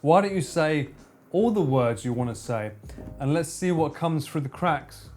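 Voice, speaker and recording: A man's voice: a little high, animated, measured pace, a little mellow, soft background music. A man streaming live, bantering and joking with his chat in a casual way. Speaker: livestreamer.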